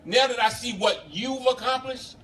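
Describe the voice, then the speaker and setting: A man's voice: very high-pitched, moderate pace, bright, forceful tone, pitched above the performer's own voice. A man voicing his aging father, earnest and pleading with a repetitive cadence, recorded from a distance with background noise. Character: aging father, emotional, plain-spoken.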